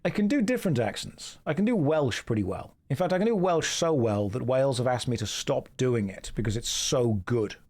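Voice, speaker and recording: A man with a British received pronunciation accent, chatting casually as a streamer during a game with dry, deadpan jokes. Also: medium pitch, a little fast, hardly any pauses.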